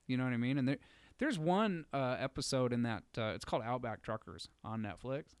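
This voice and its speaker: A man's voice: medium pitch, lively intonation, brisk, clean tone, no echo. A man co-hosting a podcast in a studio, telling a long story in casual chat full of fillers. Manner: rambling storyteller, many fillers. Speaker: podcast co-host.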